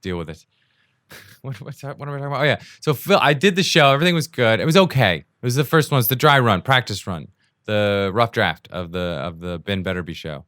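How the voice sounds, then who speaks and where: A man's voice: medium pitch, lively intonation, brisk, fairly bright tone, dry recording, clean studio sound. A young adult man hosting his own podcast, rambling through a casual solo monologue on a new home mic, often laughing at himself. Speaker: podcast host. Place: indoors at home during a rainstorm.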